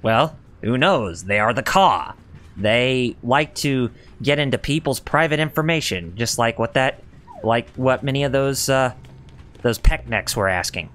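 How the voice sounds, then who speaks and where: A man streaming a video game, giving chatty, animated commentary full of reactions and jokes. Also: medium pitch, measured pace, a little hiss or hum. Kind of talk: casual let's-play commentary.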